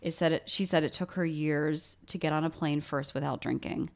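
A woman's voice: sits low, fairly even intonation, moderate pace, gravelly. A woman co-hosting a podcast, chatting casually and retelling a listener's story with plenty of fillers. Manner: chatty, reads listener emails aloud with lots of fillers. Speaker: podcast co-host.

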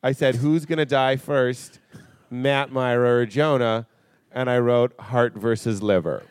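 A man's voice: medium pitch, fairly even intonation, measured pace, clear, resonant tone, dry recording. A man guesting on a live comedy podcast, wry and amused.

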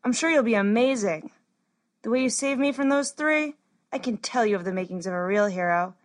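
A woman's voice: a little high, expressive, fairly quick, close to an everyday voice. A woman doing a shy young healer girl. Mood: gentle. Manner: soft and gentle. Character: shy kind young female healer apprentice.

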